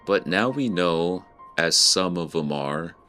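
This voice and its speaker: A man voicing a gruff female sea captain in a rough pirate-style brogue, reading game dialogue aloud. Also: extremely low pitch, steady tone, normal speed, fairly bright tone, soft background music. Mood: grim.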